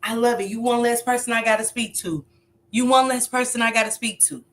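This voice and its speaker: A woman's voice: a little high, a little fast. A woman hosting a casual livestream, talking straight to her chat in a loose, joking and profane way. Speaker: livestream host.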